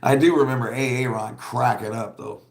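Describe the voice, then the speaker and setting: Man, casual livestream chat, blunt and rambling, laughs a lot, mid-pitched voice, roomy echo. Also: fairly even intonation, normal speed, gravelly. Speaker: livestream host.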